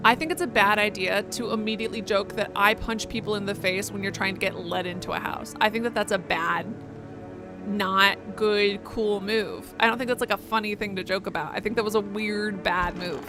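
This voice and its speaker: A woman's voice: medium pitch, steady tone, moderate pace. A young woman giving casual live commentary as she plays a horror game, chatty and prone to exclaiming and swearing. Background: music.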